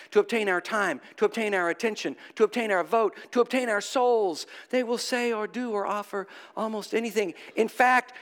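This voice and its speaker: A man preaching a conversational sermon, asking the congregation rhetorical questions and talking in an animated way. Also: very high voice. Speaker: priest.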